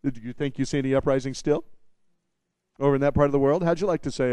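A man preaching an expository sermon, animated and repeating phrases for emphasis, with wry humorous asides to the congregation. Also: medium pitch, fast talker, dry recording. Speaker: pastor.

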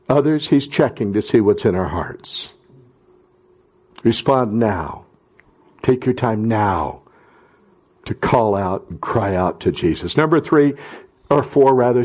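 A middle-aged man preaching a sermon as pastor, talking conversationally and then rising to loud impassioned cries. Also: mid-range voice, husky.

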